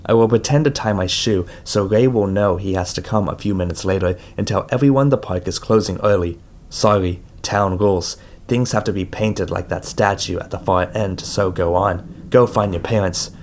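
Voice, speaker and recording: A man reading a first-person audiobook in a measured, somber way. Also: on the low side. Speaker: audiobook reader.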